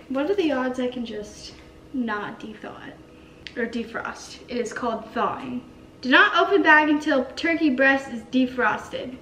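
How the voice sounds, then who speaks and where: High-voiced young woman vlogging, rambling. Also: fairly bright tone, reverberant, a little hiss or hum, rough recording. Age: young adult. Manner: chatty, rambling, self-mocking. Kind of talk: casual cooking vlog.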